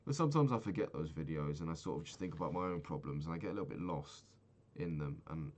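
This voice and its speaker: A young man from England talking through a sad personal video diary, low-key, swearing a lot and trailing off, sounding down after crying. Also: animated, fast talker, darkish tone. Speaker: vlogger.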